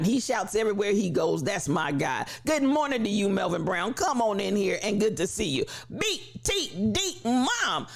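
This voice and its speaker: A man hosts a live stream with a voice that is gravelly and rough from allergies, sitting a little higher than most men's. He greets his viewers in an animated, repetitive cadence, much like a preacher working up a crowd. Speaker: livestream host.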